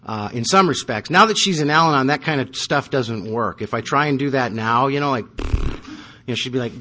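A man's voice: medium pitch, lively intonation, moderate pace, pauses often, bright, forceful tone. A man in his thirties telling his recovery story at a meeting, wry and self-mocking. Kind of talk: personal testimony with self-deprecating humor.

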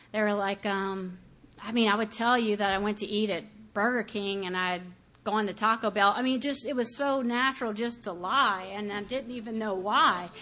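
A woman's voice: mid-range voice, pushed and bright. Candid woman telling her own story. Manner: candid, conversational, many fillers, acts out her past thoughts. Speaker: speaker sharing her recovery story. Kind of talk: personal testimony.

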